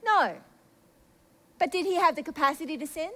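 A woman with a high voice preaches a sermon as if chatting with friends. She is confessional and self-mocking, and drops into hushed asides before rising into excited bursts. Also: normal speed. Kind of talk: sermon with personal stories.

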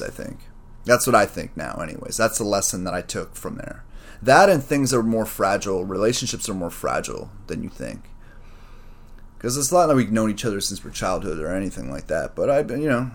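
Deep-voiced man, rambling casual story. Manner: rambling, profane, streetwise slang, says "man" and "bro" a lot; reflective, gets worked up retelling a conflict.

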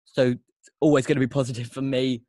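A man hosts a casual podcast, talking with enthusiasm and often restarting his sentences. His voice sits at a middling pitch. The recording is dry and close. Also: flat delivery, a little fast, warm tone, no room sound. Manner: enthusiastic, rambling, with frequent restarts. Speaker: podcast host.

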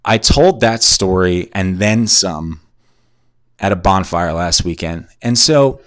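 In a low, animated voice, a twentysomething man takes his time telling a crude, profane story on his podcast. He's drunk and concussed at home in a shared house, rambling off-topic and mocking himself. The recording is dry and studio-clean.

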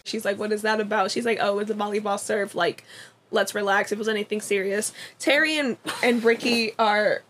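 A woman's voice: mid-range voice, steady tone, a little fast, a bit bright. A young woman co-hosting a podcast, casually recapping a TV episode in a chatty way, full of "like" and acted-out quotes. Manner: chatty, lots of "like" and quoted dialogue. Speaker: podcast co-host.

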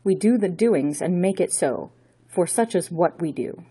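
A woman doing a sinister, bearded count who leads a secret order. He speaks in a grandiose, pompous way, all arrogance, in a deep and breathy voice. It is an audiobook reading. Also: expressive, measured pace, warm tone, full character voice. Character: gaunt sinister bearded male villain count.

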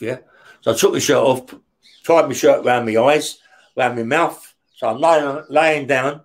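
A man telling stories as an interview guest, blunt and rough-spoken, swearing heavily and tagging his lines with "yeah?". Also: mid-range voice, steady tone, normal speed. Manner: heavy swearing, frequent "yeah?" tag questions. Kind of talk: casual storytelling.

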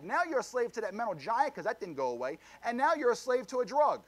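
Fervent pastor with a high voice. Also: male voice, very animated, fast, hardly any pauses. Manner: emphatic preaching with sudden loud surges and low asides. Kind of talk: sermon.

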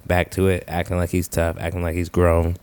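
A man in casual chat, explaining his point in a measured way. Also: low-pitched, completely flat delivery, a little mellow.

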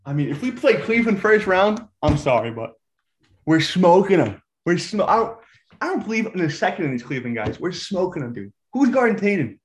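A man's voice: high voice, sing-song, brisk. A young man co-hosting a sports podcast, a hyped, trash-talking fan in casual chat. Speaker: podcast co-host.

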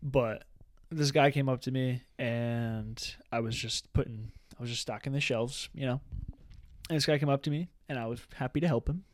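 A man's voice: medium pitch, fairly even intonation, moderate pace. A young man co-hosting a casual podcast, telling a long story with many restarts and fillers. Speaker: podcast co-host. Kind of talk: casual chat.

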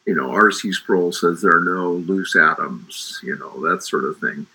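Emphatic husky-voiced man preaching. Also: low voice, moderate pace, pushed and bright, low-quality recording. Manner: emphatic, preacherly, restarts often. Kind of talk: faith discussion.

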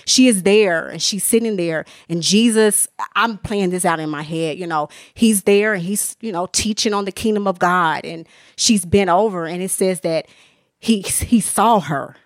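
A woman's voice: on the low side, normal speed, no echo, clean studio sound. A woman speaks earnestly and emotionally as a podcast guest, sharing her faith testimony in a casual, candid way with many restarts. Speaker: author and minister, podcast guest. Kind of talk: candid personal testimony in conversation.

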